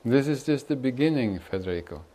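A man speaking as a spiritual teacher to an audience, calm and gentle at times, teasing and laughing at others. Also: mid-range voice, a little fast, rough recording. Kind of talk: addressing an audience at a gathering.

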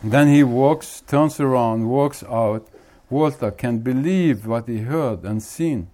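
Man, spiritual teacher, casual joke-telling, unhurried, medium pitch, chuckling. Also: dark tone.

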